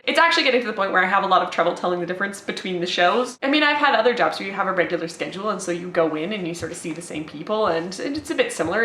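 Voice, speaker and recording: Fast-talking young woman vlogging. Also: medium pitch, bright, forceful tone. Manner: rambling, self-deprecating, chatty. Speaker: vlogger and stage actor. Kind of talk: casual chat to camera. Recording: roomy echoey sound.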